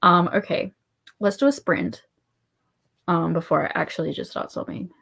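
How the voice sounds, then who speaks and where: An Australian woman hosting a casual livestream, soft-spoken and rambling, often dropping to a murmur. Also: fairly low pitch, normal speed, gravelly, a little hiss or hum. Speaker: livestream host.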